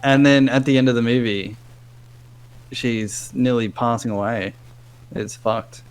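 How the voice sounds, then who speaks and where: A man's voice: mid-range voice, steady tone, measured pace, clear, resonant tone, rough recording. A young man chatting casually as a podcast guest, rambling emotionally with lots of fillers. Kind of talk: casual chat.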